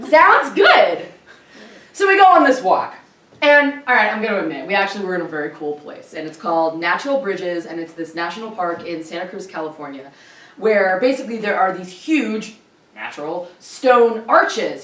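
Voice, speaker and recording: A woman telling a comic story in a solo show, animated and laughing often as she voices the people in it. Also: mid-range voice, roomy sound, distant mic. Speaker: comedic storyteller. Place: live performance venue.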